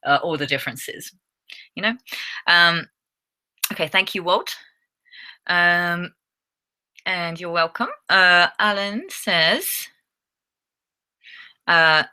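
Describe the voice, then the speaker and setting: A young English woman teaching a live online English lesson, chatty and laughing often, halting with fillers and restarts. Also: on the low side, bright, forceful tone. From England.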